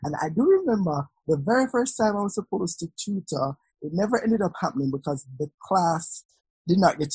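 A woman, a law student telling lively stories on a casual podcast. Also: low voice, husky, dry recording, poor audio. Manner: animated storyteller, patois-tinged.

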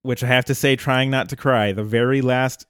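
Smooth-voiced man recapping on a podcast. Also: medium pitch, normal speed, no echo, clean studio sound. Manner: relaxed storytelling, retells scenes at length. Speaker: podcast host. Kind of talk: casual podcast chat.

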